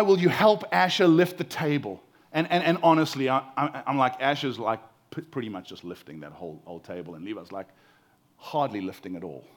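A man in his forties preaching a sermon as the pastor, telling stories in a conversational way and often repeating his first words. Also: a little high. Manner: conversational storytelling, repeats words when starting.

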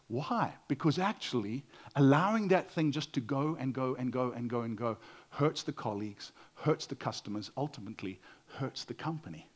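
A man preaching a sermon in an earnest way, acting out quoted voices and dropping to a quiet voice to stress a point. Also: medium pitch, lively intonation, a little slow. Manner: earnest, acts out quotes, drops to quiet for emphasis.

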